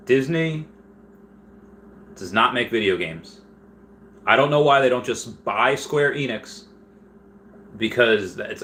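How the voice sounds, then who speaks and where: A man's voice: medium pitch, a bit bright, a little hiss or hum. A man hosting a casual live stream, reading chat questions aloud and rambling through answers with frequent restarts.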